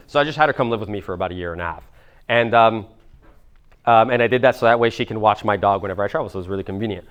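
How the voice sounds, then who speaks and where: A man's voice: on the low side, rapid-fire, smooth, muffled recording. A man in his twenties telling a story at a seminar, casual and rambling, swearing now and then. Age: 20s. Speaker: motivational speaker.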